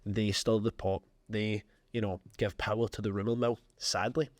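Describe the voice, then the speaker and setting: A man's voice: fairly low pitch, level tone, moderate pace, no echo. Frank man, dry close sound. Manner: emphatic, frank, conversational. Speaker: podcast host. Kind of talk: motivational business talk.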